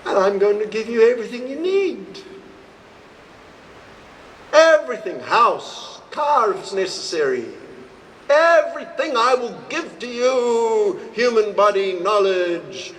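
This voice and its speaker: A swami with a high voice gives a slow devotional talk to a live audience in a retreat hall, telling stories and acting out dialogue with expressive rises in pitch. The low-quality live recording carries a little hiss or hum.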